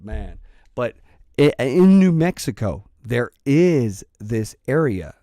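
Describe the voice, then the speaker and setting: A man's voice: medium pitch, sing-song, takes it slowly, warm tone, dry recording, studio quality. A man telling a personal story in a casual, rambling way, swearing freely and restarting his sentences often. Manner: rambling and profane, with many restarts. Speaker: channel host.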